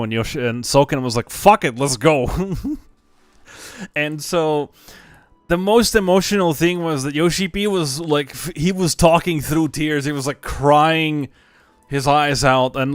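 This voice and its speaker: A man's voice: mid-range voice, no room sound. A young man chatting casually on a game stream, swearing freely and laughing often. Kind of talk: casual live stream chat.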